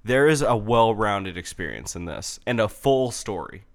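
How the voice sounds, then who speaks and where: Excitable, profane young man. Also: lowish voice, moderate pace. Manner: excitable, profane, rambling with restarts. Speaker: podcast co-host reviewing a game. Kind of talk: casual chat.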